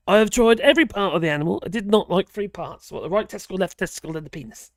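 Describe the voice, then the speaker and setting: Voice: medium pitch, animated, fast, dry recording, clean studio sound. A live-stream host from Norwich, chatting casually and reacting aloud to viewer comments in a rambling way. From Norwich, England.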